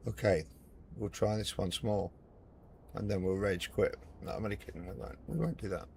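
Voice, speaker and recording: Game streamer, man, gravelly low voice, grumbling casual commentary, faint room noise. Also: steady tone, normal speed, darkish tone. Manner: frustrated muttering, talks to the plane. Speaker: flight sim streamer.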